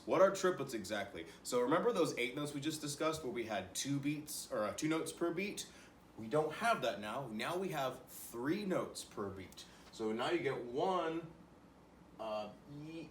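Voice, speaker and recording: A man's voice: mid-range voice, expressive, moderate pace, reverberant, distant mic, a little hiss or hum. A young man teaching an online music lesson to children, encouraging them and counting rhythms aloud as he claps.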